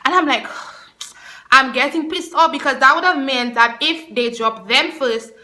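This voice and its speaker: A woman in her twenties telling an animated story in a casual vlog. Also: sits high, unhurried. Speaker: vlogger.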